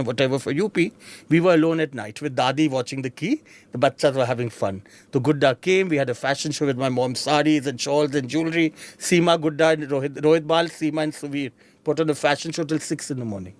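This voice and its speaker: A middle-aged man with an Indian accent tells his life story as an interview guest. He talks in a somewhat high voice and acts out the people he remembers, switching between their voices. The tone stays animated and personal. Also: fast talker.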